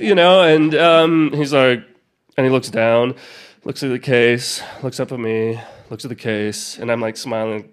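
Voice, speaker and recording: A man's voice: on the high side, moderate pace, a bit bright. A man telling a personal story live, rambling and self-deprecating, with many restarts and asides.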